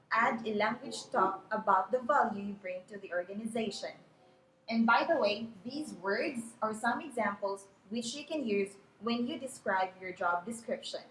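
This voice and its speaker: A woman with a fairly high voice gives a business English lesson. She speaks in a clear, deliberate teaching manner and models example sentences. The room is echoey, with a faint hiss of background noise. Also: fairly bright tone.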